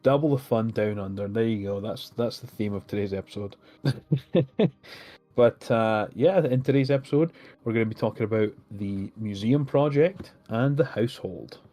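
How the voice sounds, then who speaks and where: A man's voice: medium pitch, normal speed, mellow, soft background music. A man co-hosting a casual podcast, chatting loosely with frequent laughs and fillers. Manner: laughs often, many fillers. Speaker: podcast co-host.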